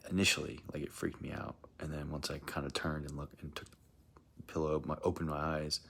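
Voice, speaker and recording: A man's voice: extremely low pitch, little pitch movement, fairly quick, vocal fry, fairly bright tone, slightly rough. A man telling a strange personal experience in a rambling, hesitant way, often dropping into a whisper. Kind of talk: casual first-person account.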